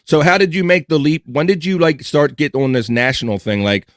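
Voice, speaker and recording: A man's voice: fairly high pitch, fairly quick, dry recording, studio quality. A man hosting a podcast, asking loose, rambling questions and reassuring his guest. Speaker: podcast host. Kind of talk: casual chat.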